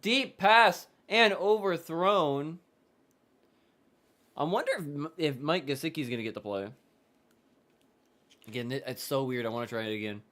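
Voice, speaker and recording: A man's voice: fairly high pitch, a little slow, long pauses, fairly bright tone. A man streaming a casual live reaction to a football game, chatting loosely and trailing off into restarts as he goes.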